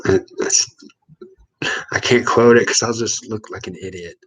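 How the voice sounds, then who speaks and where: Laid-back man from Missouri, low voice. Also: fairly even intonation, a little slow, rough recording. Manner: laid-back, rambling, chuckles often. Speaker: livestream host. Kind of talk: casual live chat with viewers.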